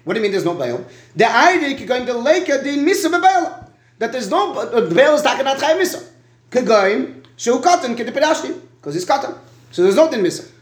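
A man's voice: very high voice, sing-song, brisk, roomy sound. A man teaching a Talmud lesson. He stops and starts, repeats words and often asks "right?".

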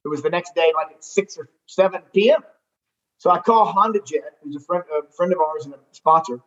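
A high-pitched man with a drawl tells a rambling, animated story, often restarting his sentences. The recording sounds dull and lo-fi, like a muffled podcast feed. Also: fairly quick. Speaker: golf tournament director. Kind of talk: casual storytelling interview.

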